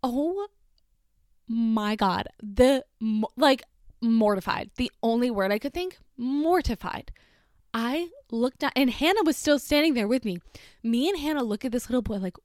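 A woman's voice: high voice, no room sound, clean studio sound. A woman casually telling a personal story, filling every sentence with "like" and swearing freely. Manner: chatty, heavy filler "like", swears, animated retelling.

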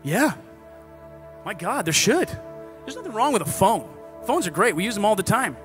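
A man preaching a sermon in a conversational, animated way, swinging from loud exhortation to hushed asides. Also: high-pitched, moderate pace, faint music behind.

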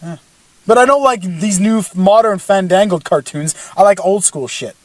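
A man's voice: high-pitched, moderate pace, no echo. A young man hosting a crude, joking podcast, bantering and mocking himself. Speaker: podcast host.

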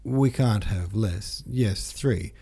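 A man's voice: fairly low pitch, slow pace, mellow, breathy edge, heavily acted. A man reading an audiobook, voicing a fussy, flustered old count who gives orders with many exclamations.

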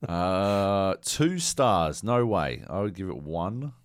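Male podcast co-host, casual banter, sweary and animated, dry close mic. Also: low-pitched, takes it slowly, no room sound.

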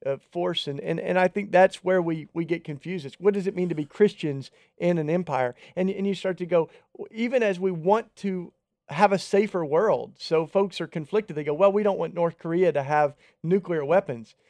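A man's voice: high-pitched, moderate pace, a little mellow, no room sound, clean studio sound. A man co-hosting a podcast, talking earnestly and conversationally in a casual faith discussion. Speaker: podcast co-host.

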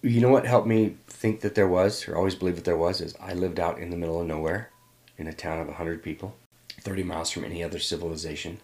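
A middle-aged man with a very deep, low voice, from Northern California. He talks reflectively in an interview, often pausing and restarting his thoughts.

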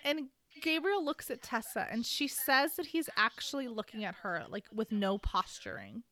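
A woman's voice: a little high, sing-song, moderate pace, bright, forceful tone. A woman casually recapping a book on a podcast, playfully acting out characters' lines with sarcasm and the odd swear word. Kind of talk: casual chat.

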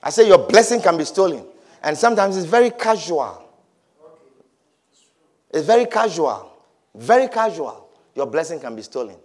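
A man preaching a sermon, repeating his points emphatically and swinging between loud declarations and hushed low lines. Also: very animated, moderate pace, long pauses. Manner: repetitive, emphatic, swings from shouts to low murmurs.

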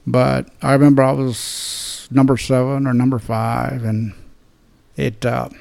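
Gravelly older man telling a story. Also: medium pitch, little pitch movement, unhurried, a little mellow. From Dallas, Texas. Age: 70s. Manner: plain-spoken, profane, restarts and repeats words. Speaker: retired police detective. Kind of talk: storytelling in an interview.

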